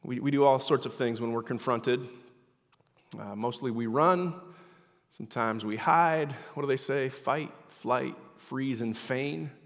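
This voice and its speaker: A man's voice: medium pitch, measured pace. Man preaching in a reverberant hall. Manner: dramatic swings from loud emphatic preaching to hushed near-whispers. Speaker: pastor. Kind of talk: sermon.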